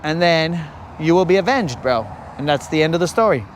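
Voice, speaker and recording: A man's voice: a little high, lively intonation, a little fast, a little hiss or hum. A young man hosting a live fishing stream outdoors on a lake, rambling and telling jokey stories. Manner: rambling, joking storyteller. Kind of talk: casual live-stream chat.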